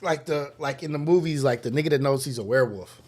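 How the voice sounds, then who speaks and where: A man's voice: medium pitch, fast talker. A man in his forties with a Los Angeles accent, hosting a casual livestream chat and telling stories with frequent laughter. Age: 40s. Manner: laughs often, animated storytelling. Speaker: livestream host.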